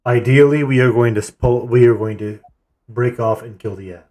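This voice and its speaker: A man on voice chat leading a game raid, calmly explaining a plan and handing out tasks. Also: medium pitch, normal speed, faint music behind. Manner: calm, methodical, assigns tasks. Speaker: raid leader and streamer. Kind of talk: voice chat while gaming.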